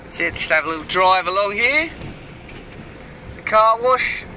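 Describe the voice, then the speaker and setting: This man's exaggerated, high, bright voice comes out a little slow and forceful but animated as he acts a slangy, brash Aussie tradesman grumbling at other drivers from his moving van. It's a chatty comic character monologue while driving. The recording is low quality with slight hiss or hum.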